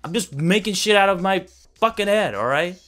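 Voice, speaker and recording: A man's voice: sits high, animated, fairly quick, fairly bright tone, soft background music. A man giving a casual, profane and sarcastic review of a film he finds ridiculous, laughing as he rants. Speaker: movie reviewer. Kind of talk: casual ranting movie review.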